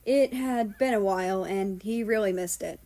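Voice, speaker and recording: Woman, fanfiction narrator, casual storybook reading, mid pitch. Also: normal speed, mellow. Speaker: fanfiction reader.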